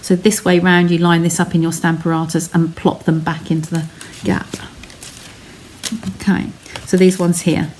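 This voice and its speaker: A woman's voice: fairly low pitch, level tone, normal speed, a little mellow, a little hiss or hum. A woman hosting a live craft stream from her home studio, explaining each step in a chatty way and talking to her viewers.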